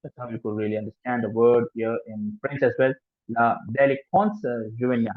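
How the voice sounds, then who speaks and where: A man with an Indian English accent lectures on French language and film, stopping often to restart his sentences. His voice sits at an average pitch. The recording is tinny and dry, like a phone line. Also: steady tone, fairly quick, no room sound. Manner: hesitant, many fillers and restarts. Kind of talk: informal lecture.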